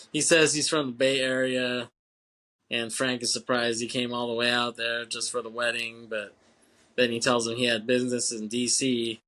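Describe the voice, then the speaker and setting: Bright-voiced man recapping a movie. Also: medium pitch. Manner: rambling, laughs often, acts out lines in quick put-on voices. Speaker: podcast co-host. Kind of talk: casual movie recap chat.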